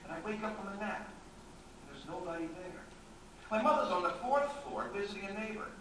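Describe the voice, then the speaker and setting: A frantic, rambling middle-aged writer, played by a man on stage, his voice pitched high and swinging wildly up and down. He talks in nervous, self-mocking bursts. The sound is distant and booming, with clear noise over a live theatre room. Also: animated, a little fast, a bit bright. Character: anxious neurotic male writer, middle-aged. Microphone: distant room mic. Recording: echoey, noisy, from far off.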